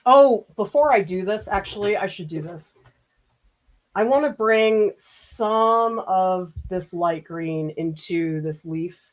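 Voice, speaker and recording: A woman's voice: mid-range voice, slow, rough recording. Chatty woman teaching painting. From Boston area. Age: middle-aged. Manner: chatty, laughs often, muses aloud while painting. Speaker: art teacher. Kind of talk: live painting demo, casual chat.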